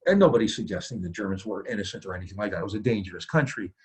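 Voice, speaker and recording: A male history professor lecturing in a low, husky voice. He talks conversationally, throws rhetorical questions at the class and tags points with "right?". He stumbles through "uh" and restarts, then punches key points louder. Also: animated, rapid-fire, poor audio. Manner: restarts and "uh" fillers, loud bursts on key points. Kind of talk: university lecture.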